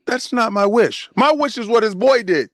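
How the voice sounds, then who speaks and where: A man's voice: high voice, expressive, moderate pace, no room sound, studio quality. A man co-hosting a podcast who hammers his point home by repeating it. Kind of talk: casual podcast chat.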